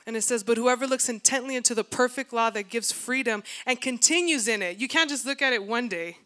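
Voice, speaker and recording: Woman pastor preaching, chatty and animated, bright tense voice a bit high. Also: a little fast. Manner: lively, conversational preaching with acted asides. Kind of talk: sermon. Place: church.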